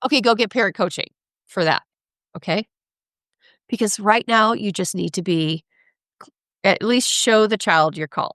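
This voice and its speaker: A woman speaking as an expert guest in a conversational interview, animated, acting out parents and kids, often asking "right?". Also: medium pitch, moderate pace, long pauses, no room sound, studio quality. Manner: animated, acts out parents and kids in quoted voices; frequent laughs and "right?" tags.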